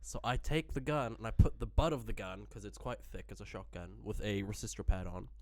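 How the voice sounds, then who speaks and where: A man recounting a tense, embarrassing story on a casual podcast, wry and full of swearing. His voice is mid-pitched and recorded dry and close, with no room sound. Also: brisk, dry recording. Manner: wry, swearing, builds suspense. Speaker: podcast co-host.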